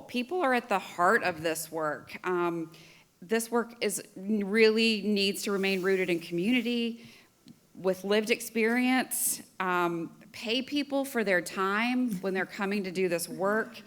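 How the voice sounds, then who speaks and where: A woman's voice: lowish voice, a bit bright. A woman program officer recapping a summit on an auditorium stage, hesitant with frequent ums. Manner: hesitant, many ums, list-like.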